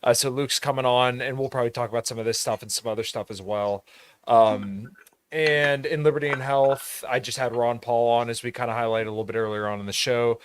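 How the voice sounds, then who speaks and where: A man's voice: medium pitch, fairly even intonation, fairly quick, smooth. A man co-hosting a podcast in casual chat, with a loose, rambling delivery. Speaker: podcast co-host.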